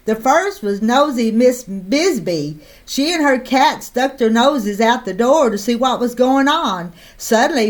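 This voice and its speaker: Lady reading a kids' picture book out loud, slow pace, high voice. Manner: slow, expressive read-aloud. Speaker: storyteller.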